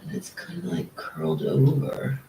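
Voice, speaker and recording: A live-stream painter talking casually while working, muttering to themself, repeating words as the brush moves and often dropping to soft whispers. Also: mid-range voice, steady tone, unhurried, gravelly, a little hiss or hum. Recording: roomy echo.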